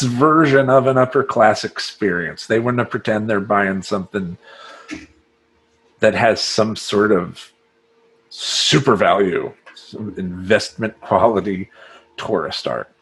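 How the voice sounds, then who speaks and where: A man's voice: medium pitch, fairly bright tone. A man speaking as a life coach in a casual monologue to camera, rambling and profane, laughing often and slipping into mock voices.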